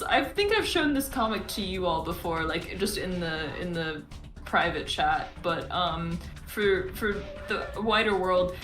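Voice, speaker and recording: A woman's voice: mid-range voice, a bit bright. Woman rambling away between rpg scenes, lots of restarts, roomy echo, faint music under. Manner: rambling, chatty storyteller with many restarts. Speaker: tabletop game player. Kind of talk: casual out-of-game chat.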